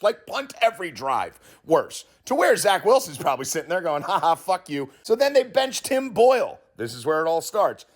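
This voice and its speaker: A man hosting a sports betting show, telling a comic conspiracy story with heavy swearing and acted-out quotes. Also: on the high side. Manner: profane, animated storyteller acting out quotes.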